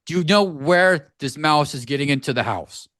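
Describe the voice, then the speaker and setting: A man co-hosting a podcast, telling a story in an animated, profane ranting way from a home studio. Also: on the high side, normal speed, dry recording. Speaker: podcast co-host. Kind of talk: casual podcast chat.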